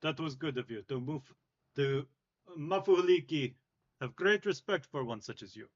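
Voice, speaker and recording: A man's voice: on the high side, expressive, moderate pace. A man voicing a courteous traveler who speaks in formal, slightly broken phrasing. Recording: dull lo-fi audio.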